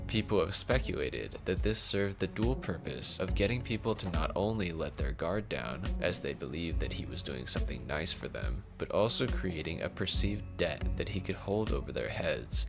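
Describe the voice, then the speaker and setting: Deep gravelly man narrating over music. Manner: measured, serious. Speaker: video essay narrator. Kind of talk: scripted narration. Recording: background music under voice.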